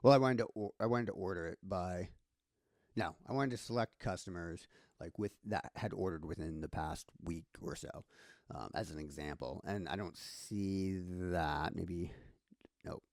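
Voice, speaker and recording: A man's voice: low-pitched, normal speed, no room sound, clean studio sound. A man giving a casual screen-share tutorial, thinking aloud with many fillers and restarts. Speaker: instructor.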